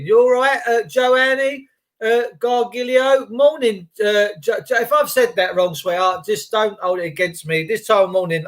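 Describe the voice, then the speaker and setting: A man's voice: sits high, fairly bright tone. A middle-aged man rambling on a morning livestream, greeting viewers by name and swearing casually. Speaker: livestream host.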